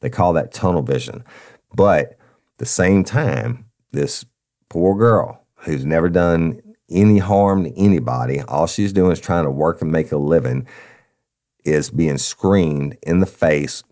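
A former police officer hosting a podcast, telling a crime story in a blunt, profane, emphatic way. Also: male voice, low voice, expressive, measured pace, warm tone. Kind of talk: casual true-crime storytelling.

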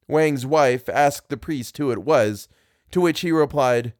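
A man reading a classic tale aloud as podcast narrator, in a measured storytelling manner. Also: mid-range voice, a little mellow, no echo, studio quality.

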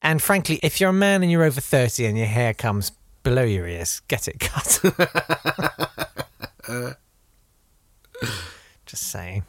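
A man's voice: medium pitch, animated, slow, long pauses, no room sound. Dry-witted male podcast co-host. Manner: dry, wry, mock-stern riffing. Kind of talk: comedic casual chat.

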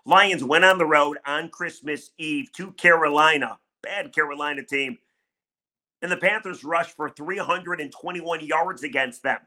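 A man's voice: on the high side, measured pace, sharp tone. A middle-aged man hosting a solo sports talk podcast, candid, conversational and emphatic. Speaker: sports radio podcast host.

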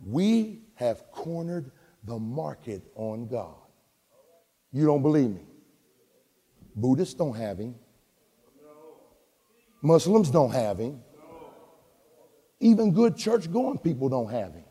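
A man pastor preaching a sermon to his congregation, telling humorous stories and shouting for emphasis. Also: medium pitch, sing-song, takes it slowly, long pauses, breathy edge. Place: church sanctuary with congregation. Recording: long church reverb.

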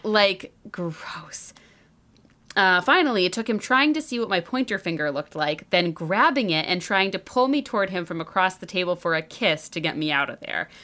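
Bright-voiced chatty woman storyteller. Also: lowish voice, expressive, a little fast, few pauses. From Chicago. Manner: chatty, lots of "like" fillers and laughter. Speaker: podcast host telling a dating story. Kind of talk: casual storytelling chat.

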